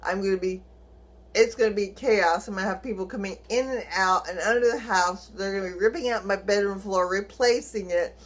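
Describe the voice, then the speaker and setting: A middle-aged woman vlogging, telling a personal story in a lively way and acting out the dialogue. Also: mid-range voice, a little fast. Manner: animated, acts out quoted dialogue, chuckles while telling.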